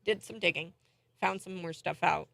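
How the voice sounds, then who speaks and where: A woman's voice: on the low side, normal speed, gravelly, no echo. A woman hosting a morning talk show, giving chatty, indignant political commentary. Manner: chatty and indignant, thinks out loud.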